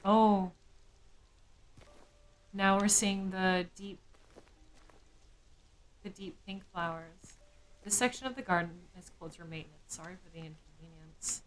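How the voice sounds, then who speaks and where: A woman's voice: medium pitch, steady tone, a little slow, pauses often, a little hiss or hum, rough recording. A woman streamer thinking aloud during live game commentary, with musing, jokey asides.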